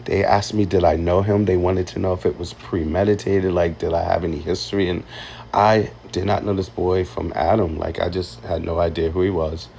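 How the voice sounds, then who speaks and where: A man telling a painful personal story, halting and emotional, close to tears. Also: sits low, level tone, gravelly, mellow, slight background noise. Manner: emotional, halting, with many ums and likes. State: tearful. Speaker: vlogger.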